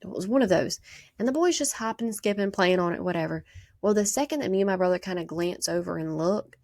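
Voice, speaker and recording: A woman with a Southern US accent hosting a podcast, chatting and telling animated stories in a casual way. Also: lowish voice, dry recording, clean studio sound. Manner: chatty, animated retelling with quick quoted voices. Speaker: podcast host. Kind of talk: casual storytelling monologue.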